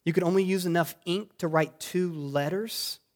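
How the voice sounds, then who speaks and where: A male pastor preaching a sermon in a church, moving from quiet reflection to loud, exclamatory passages. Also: sits high, steady tone, moderate pace. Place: church sanctuary.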